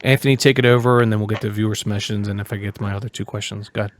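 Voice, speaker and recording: A male host with a low voice rushes through his handover with loose, upbeat phrasing. His voice sounds dry and close, with no room around it. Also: fairly even intonation, no room sound. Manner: quick, enthusiastic and loose. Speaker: show host. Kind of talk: hosting a casual interview.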